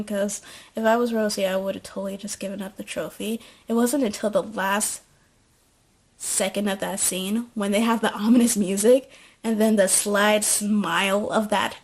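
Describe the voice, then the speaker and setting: A young woman casually recapping a TV show at home, rambling and joking with lots of fillers. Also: mid-range voice.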